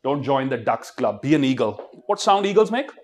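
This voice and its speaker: A man giving a motivational talk to students, animated and constantly quizzing the crowd. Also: mid-range voice, brisk. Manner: animated, keeps quizzing the audience and leading call-and-response. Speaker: motivational speaker.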